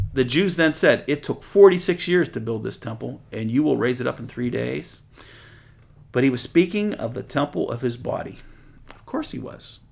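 A male preacher with a gravelly voice delivers a sermon. He reads scripture and then talks it through in a relaxed, conversational way. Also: medium pitch.

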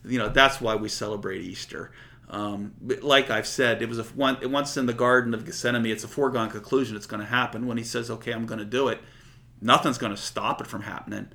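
A man's voice: mid-range voice, steady tone, fairly quick, vocal fry, sharp tone. A man giving an informal, earnest Bible teaching in a conversational, digressive way. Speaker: preacher.

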